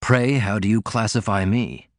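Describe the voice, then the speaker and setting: A man reading an audiobook, voicing a stiff, formal older male lawyer, pitched a little lower. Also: fairly even intonation, normal speed, dry recording, studio quality, natural voice.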